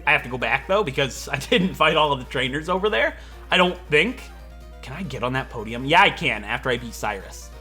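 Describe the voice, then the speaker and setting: Animated joking young man gaming. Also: medium pitch, a little fast, soft background music. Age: 20s. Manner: rambling, joking, laughs a lot. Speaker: let's play host. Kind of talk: gameplay commentary.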